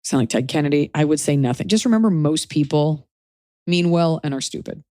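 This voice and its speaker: A woman hosts a casual advice podcast, wry and opinionated as she talks things through. Her voice sits a little low, and the sound is close and dry with no room around it. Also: lively intonation, mellow, no echo. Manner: wry and opinionated, slips into quick mock voices. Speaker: podcast host.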